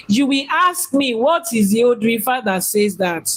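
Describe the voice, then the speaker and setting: A woman's voice: sits high, expressive, moderate pace, hardly any pauses, poor audio. A woman, a priestess and teacher, giving a teaching talk on religion. She asks questions, repeats points for emphasis and now and then mimics other people.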